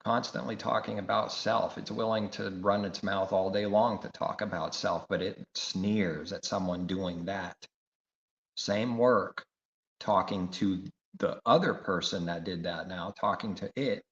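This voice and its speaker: A man's voice: low voice, steady tone, measured pace, vocal fry. A man preaching a sermon, emphatic and repetitive, firing rhetorical questions. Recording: echoey room, dull lo-fi sound.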